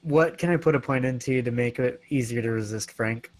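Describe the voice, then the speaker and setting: A man's voice: medium pitch, a little fast. A man chatting casually as a player in a tabletop game, asking lots of rules questions. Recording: faint music in the background.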